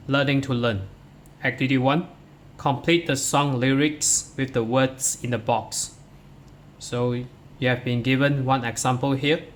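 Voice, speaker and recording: A man's voice: mid-range voice, slight background noise. A man teaching English to pupils, walking through workbook answers step by step and counting syllables aloud one at a time. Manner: addresses pupils directly, starts many lines with "so".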